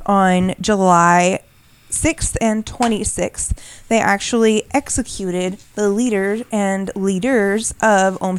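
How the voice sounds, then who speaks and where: A woman with a clean, medium-pitched voice co-hosts a podcast, explaining things in casual, rambling chat full of restarts and fillers.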